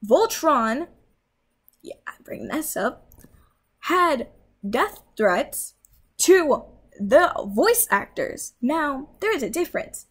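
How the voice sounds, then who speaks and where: A woman's voice: sits high, very animated, slow pace, pauses often. A young woman vlogger in a heated, swearing rant, scolding her viewers. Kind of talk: angry rant.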